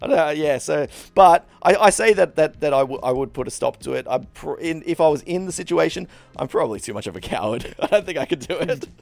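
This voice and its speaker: A man's voice: on the high side, expressive, fast, vocal fry, few pauses, a little mellow, no room sound. A young man, chatting casually in a rambling, self-deprecating way and acting out little conversations. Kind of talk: casual chat.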